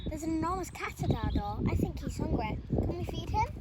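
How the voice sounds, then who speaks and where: A woman voicing an eager little boy in a storybook, calling out excitedly. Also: extremely high pitch, brisk, voice pushed up. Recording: loud noise, voice set back.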